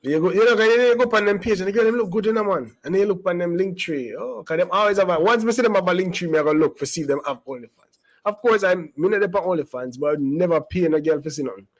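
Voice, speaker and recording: A man's voice: sits high, quick pace, poor audio. A man giving casual, rambling commentary as a channel host, emphatic and full of asides and restarts.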